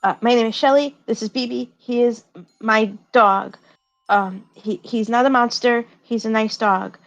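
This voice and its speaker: A woman voicing a shy young woman spellcaster who speaks haltingly and protectively about her dog. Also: fairly high pitch, fairly even intonation. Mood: nervous. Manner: hesitant, halting, many fillers.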